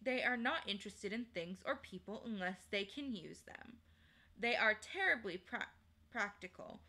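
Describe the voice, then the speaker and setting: A woman streamer reading a children's novel aloud in a measured, unhurried way. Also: medium pitch, animated, pushed and bright. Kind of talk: storybook read-aloud.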